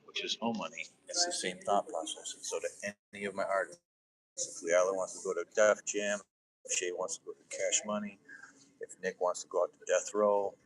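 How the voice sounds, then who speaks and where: A middle-aged man rambles on a livestream shot with his phone's front camera, profane and sarcastic, leaping from one odd comparison to another. His deep voice has a fairly bright tone, but it's recorded from a distance, roughly, with crowd noise on the phone mic.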